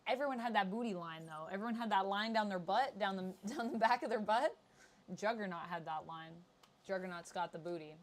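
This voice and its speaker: A woman hosting a casual chat, chatty and excitable, laughing easily. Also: medium pitch. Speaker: host.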